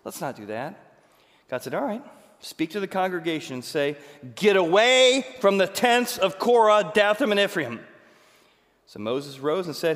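A man preaching a sermon as pastor, retelling a story dramatically, acting out the quoted lines and swinging from loud to hushed. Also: high voice, sing-song, normal speed, big-room sound.

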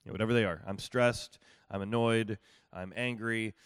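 This middle-aged pastor has a low, steady voice, clear and resonant, delivered at a moderate pace without echo. On the subject of marriage and listening, his style is down-home and conversational, with frequent rhetorical questions asking whether it makes sense.

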